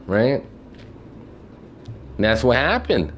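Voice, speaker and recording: A low-pitched man rants through a storytime about work, his voice swinging widely as he gets worked up. He swears constantly and slips into the voices of the people he is quoting, sounding exasperated throughout. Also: a little slow, a little hiss or hum. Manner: animated, mimics people in quotes. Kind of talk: casual storytime rant.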